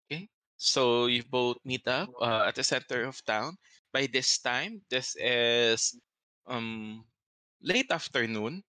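Game master, male, measured scene-setting narration, slow pace, dry close sound. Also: mid-range voice, sharp tone, clean tone, no echo.

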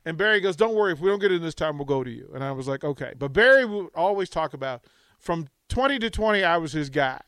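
A middle-aged man hosting a sports radio show, telling a story with lively acted-out quotes. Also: fairly high pitch, fast, clean tone, no echo. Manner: animated storytelling, acts out quotes. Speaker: radio host.

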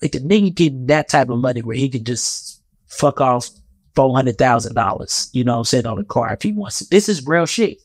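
A man's voice: mid-range voice, lively intonation, brisk, dry recording, clean studio sound. A man giving a heated, profane, rambling commentary rant in a casual vlog.

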